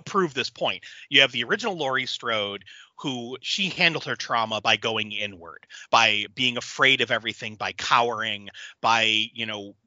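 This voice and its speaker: Male podcast co-host, bright tone, loose casual chatter, dry dull recording. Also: mid-range voice, no room sound. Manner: animated, swears freely, laughs loudly. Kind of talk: casual movie-remake brainstorming chat.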